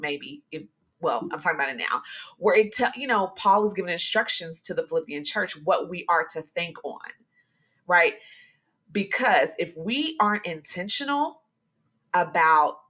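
Woman podcast host, low-ish voice, animated and encouraging, casual devotional chat. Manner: animated, chatty, with sudden high exclamations; talks to listeners directly and warmly encouraging.

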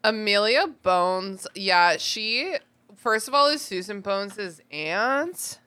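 A woman's voice: medium pitch, animated, slow pace, sharp tone. A woman co-hosting a podcast, chatting casually about a book, laughing and swearing as she talks. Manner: laughing, swearing, slips into goofy voices. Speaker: podcast co-host. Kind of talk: casual book-discussion chat.

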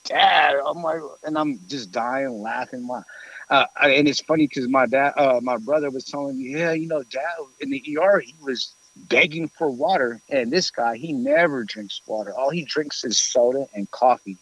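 A man telling a long story in casual chat, rambling with many fillers and lively quoted voices. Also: medium pitch, moderate pace, poor audio.

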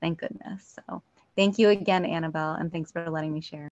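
Woman, reflective soft share, dull dry connection. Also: sits low, steady tone, a little fast, no echo. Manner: soft-spoken, reflective, many fillers. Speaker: meeting member sharing. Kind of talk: casual personal share. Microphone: phone or weak call connection. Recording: dull, dry call audio.

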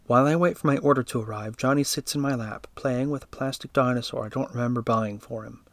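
A man reading a first-person story aloud in a steady, even narrating voice. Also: medium pitch, quick pace, dry recording.

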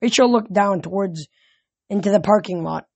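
A man reading a novel aloud as a fan audiobook, steady with occasional slips and restarts. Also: high-pitched, moderate pace, gravelly, no echo, muffled recording. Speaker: audiobook reader.

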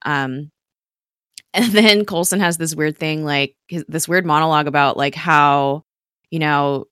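A woman with a low voice chats through a TV episode recap. She talks quickly and loosely, with plenty of fillers and small laughs. The sound is dry and close to the mic. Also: fairly even intonation, fairly bright tone, clean tone, dry recording. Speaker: podcast co-host recapping a TV episode. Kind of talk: casual chat.

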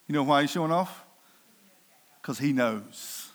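A man preaching a sermon in a lively, playful way. His voice sits a little high for a man. He reads scripture and throws questions out to the congregation. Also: measured pace, long pauses.

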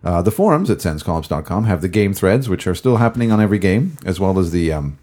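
Male podcast host, very low, husky and gravelly, rambly casual delivery. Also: animated, fast, darkish tone. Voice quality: gravelly, recovering voice. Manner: rambling, many fillers and self-corrections. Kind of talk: casual hockey podcast chat.

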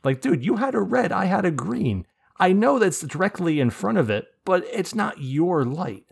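A man's voice: high voice, big pitch swings, normal speed, vocal fry, breathy edge. A man hosting a podcast in casual chat, telling rambling stories with swearing and laughs. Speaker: podcast host.

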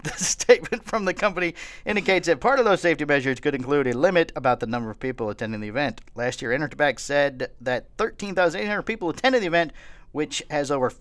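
A man's voice: a little high, animated, quick pace, a bit bright. Man casually reading cigar news with fillers. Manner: rambling, reads news items aloud with fillers. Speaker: podcast co-host. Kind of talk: casual chat.

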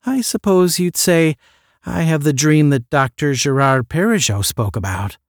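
A man voicing an eager young woman who is a lifelong space fan, speaking in an excited, gushing way in an audiobook. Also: mid-range voice, a little slow, no room sound, clean studio sound. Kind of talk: audiobook character voice.

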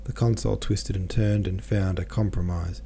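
A man reading a classic novel aloud as an audiobook narrator, in a measured, even storytelling manner. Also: low-pitched, a little hiss or hum. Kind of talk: scripted literary narration.

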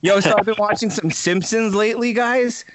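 A man's voice: high-pitched, moderate pace, heavy background noise. A young man co-hosting a podcast in casual chat from home, laid-back, swearing freely and laughing often. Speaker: podcast co-host.

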